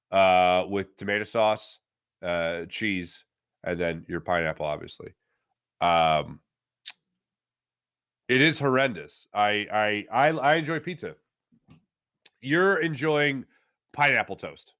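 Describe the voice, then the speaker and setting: A man's voice: lowish voice, fairly bright tone. Playful opinionated man chatting. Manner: playful, opinionated rants with frequent fillers. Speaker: sports talk show host reading viewer comments. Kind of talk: casual live-stream chat.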